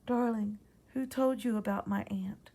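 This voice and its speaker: A woman voicing a gentle grandmother over sixty, speaking in a soft and soothing way. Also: on the high side, fairly even intonation, moderate pace, gravelly. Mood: tender. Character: gentle old Southern grandmother soothing a child.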